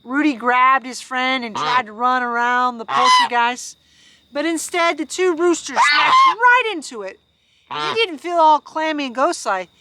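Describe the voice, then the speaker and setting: A woman's voice: high voice, big pitch swings, unhurried. A woman hosting storytime, reading a picture book aloud outdoors on a farm and chatting with her animals between pages. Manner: chatty, laughs, breaks off to talk to her animals. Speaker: storytime host. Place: outdoors on a farm among geese, at night. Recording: outdoor farm noise with honking geese. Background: geese honking.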